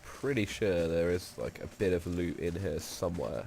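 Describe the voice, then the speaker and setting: Young guy with a cold playing a game, nasal and stuffy, lowish gravelly voice, jokey and rambly, some swearing. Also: lively intonation, normal speed, darkish tone, a little hiss or hum. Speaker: let's play host. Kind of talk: casual gameplay commentary.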